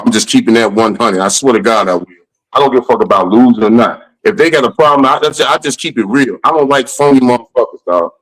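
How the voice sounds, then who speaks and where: A man's voice: mid-range voice, fairly bright tone, poor audio. A comedian guest on a podcast, a man telling blunt, profane stories in casual chat.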